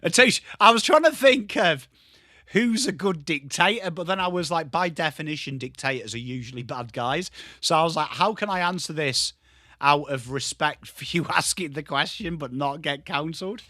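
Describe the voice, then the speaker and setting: An English man hosting a live football watchalong, chatting with his viewers and swearing casually while he calls the play and shouts at big moments. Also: on the high side, normal speed, no echo, clean studio sound. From England. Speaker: livestream host.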